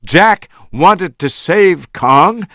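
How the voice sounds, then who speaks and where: A man reading a story aloud for English learners, slow and deliberate. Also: mid-range voice, no room sound, studio quality. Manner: slow, deliberate, lively intonation. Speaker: story reader.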